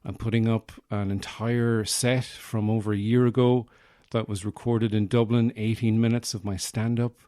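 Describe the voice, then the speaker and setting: Man rambling in a deadpan comic podcast monologue. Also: lowish voice, normal speed, few pauses, no room sound, clean studio sound. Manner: deadpan absurd bragging, frequent fillers. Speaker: podcast host, comedian.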